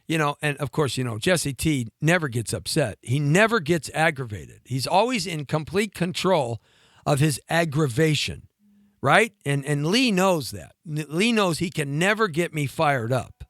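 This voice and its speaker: A man with a high, lively voice tells a rambling story, full of fillers and restarts. He acts out the other people's voices as he goes. The sound is bright and dry, close to the mic. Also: normal speed, no room sound. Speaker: actor telling a story on a talk show. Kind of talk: animated storytelling.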